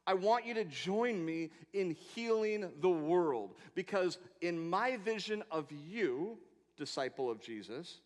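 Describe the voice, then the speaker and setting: A man preaching a sermon, swinging between loud emphatic proclamations and quiet asides, with rhetorical questions and long lists. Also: high voice, expressive, slow. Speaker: pastor. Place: church sanctuary. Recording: long hall reverb in a church.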